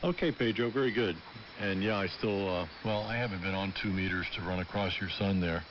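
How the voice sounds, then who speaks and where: Deep-voiced ham operator, easygoing and rambling, heard through muffled static-filled radio. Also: male voice, fairly quick. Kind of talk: casual on-air radio chat. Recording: muffled amateur radio audio, clear static.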